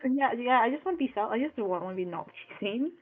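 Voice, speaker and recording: A woman's voice: fairly high pitch, lively intonation, fast talker, soft background music. A woman playing a tabletop game, blunt and swearing freely. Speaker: player. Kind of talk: casual play at a tabletop game. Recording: tinny phone-like line.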